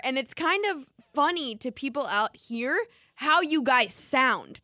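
A woman's voice: high voice, bright, forceful tone, no room sound, clean studio sound. A woman radio morning show host with a light New Jersey accent, teasing her guests and laughing easily. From Northeast US. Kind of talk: casual radio chat.

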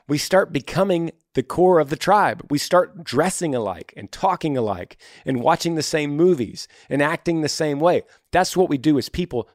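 A man's voice: medium pitch, no echo, studio quality. A man hosting a podcast, answering listener emails with casual advice and acting out bits of dialogue. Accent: Texan. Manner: animated, acts out little scenes of dialogue.

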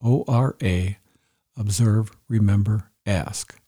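A man's voice: fairly low pitch, takes it slowly, dark tone, breathy edge. A middle-aged man giving an earnest instructional talk, explaining points step by step and repeating the key ones.

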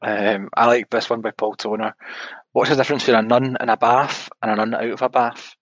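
A man's voice: mid-range voice, little pitch movement, brisk, fairly bright tone, no room sound. A man co-hosting a podcast, chatting casually and delivering joke punchlines dryly. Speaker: podcast co-host. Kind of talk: casual chat.

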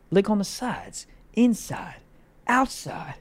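A young man co-hosting a comedy podcast, talking crudely and animatedly, swinging between loud bursts and low drawn-out lines. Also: sing-song. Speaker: podcast co-host.

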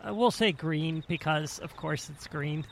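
Slow, gravelly woman game master. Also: low voice, a little hiss or hum. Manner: unhurried, descriptive narration with fillers. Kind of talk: narrating a tabletop game.

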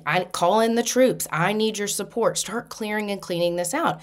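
A woman host telling a personal story in a casual, animated monologue, laughing now and then. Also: medium pitch, normal speed, few pauses.

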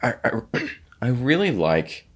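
A man hosting a business podcast, talking in a halting way with many restarts and telling a personal anecdote. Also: mid-range voice, wildly swooping pitch, husky. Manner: hesitant, many restarts and repeated words; storytelling, acts out quoted speech. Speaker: podcast host. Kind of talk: conversational interview.

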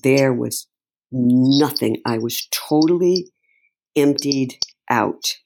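A woman telling her story, slow and halting. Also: extremely low pitch, darkish tone, a little hiss or hum. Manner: emotional, slow and halting with many restarts. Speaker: interview guest. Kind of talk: personal storytelling in a conversation.

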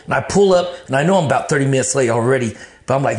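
A man from Texas, telling his life story in casual, animated talk full of cursing, acting out his own past thoughts. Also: mid-range voice, very fast.

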